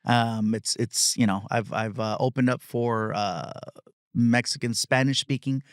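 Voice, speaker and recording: A middle-aged man, a comedian guest on a podcast, telling stories in relaxed chat and slipping into voices of the people he describes. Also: mid-range voice, unhurried, dry recording, clean studio sound. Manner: storytelling, many fillers and restarts, mimics other people. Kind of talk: casual interview chat.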